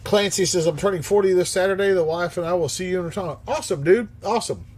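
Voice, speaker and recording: A man in his fifties hosting a livestream, reading chat aloud and answering in a blunt, profane, animated way. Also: high voice, fast, a little hiss or hum. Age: 50s.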